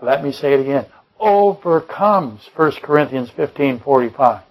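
A man's voice: mid-range voice, fairly even intonation, a little fast, lo-fi sound. A man preaching a Bible-study sermon, rambling and correcting himself mid-sentence, firing off rhetorical questions and dropping joking asides. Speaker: pastor.

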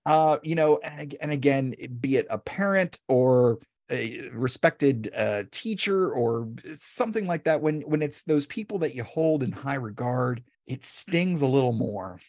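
A man's voice: medium pitch, lively intonation, a little slow, few pauses, a little mellow, no room sound. A man hosts a casual podcast and tells stories with chatty energy, often repeating and restarting his phrases. His voice sits in a middle register. The recording is dry and close. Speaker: podcast host.

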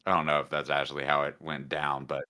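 A man's voice: very deep voice, completely flat delivery, fast, bright, forceful tone. A man co-hosting a podcast in casual comedic chat, joking and riffing on silly bits. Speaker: podcast co-host.

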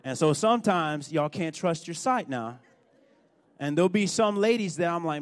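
A man preaching a sermon, telling a story with animated, emphatic build-ups. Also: on the high side, normal speed. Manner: animated storytelling, rising to loud emphatic points.

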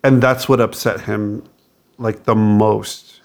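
Slow gravelly man chatting. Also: fairly low pitch, fairly even intonation. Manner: slow, gravelly, laughs often. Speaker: podcast co-host. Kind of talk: casual movie review chat.

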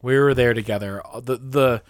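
A young man from the co-hosting a podcast, telling stories in casual banter and often breaking into loud laughing. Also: medium pitch, a little fast, dry recording. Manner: loud and laughing when retelling shouted chants. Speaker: podcast co-host.

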